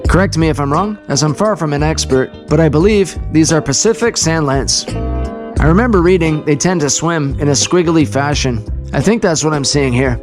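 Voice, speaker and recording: A man's voice: on the high side, moderate pace, over music. A man vlogging outdoors in a casual, laid-back and upbeat way, chatting and narrating. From Canada. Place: outdoors on a coast.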